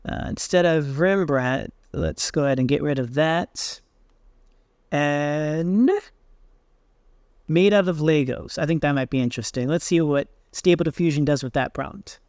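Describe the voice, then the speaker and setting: A man hosting a software tutorial, casually thinking aloud with fillers as he tries things on screen. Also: fairly high pitch, unhurried, no room sound, clean studio sound. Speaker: tech tutorial host. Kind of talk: screen-recorded software walkthrough.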